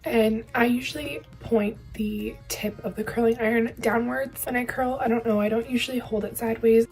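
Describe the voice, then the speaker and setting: A woman's voice: a little high, steady tone, moderate pace, darkish tone, soft background music. A young woman vlogger chatting upbeat through a hair curling tutorial, explaining each step as she goes. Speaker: beauty vlogger.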